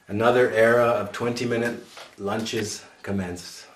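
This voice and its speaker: Man, memoir narration, dry and wry, low-pitched, echoey, distant mic. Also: fairly even intonation, a little slow. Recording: roomy sound from a distant mic.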